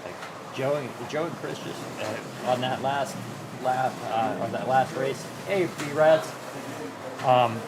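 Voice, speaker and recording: A man hosting a casual live stream, talking in a relaxed, rambling way with many fillers and restarts. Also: medium pitch, takes it slowly, creaky, background noise. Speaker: host.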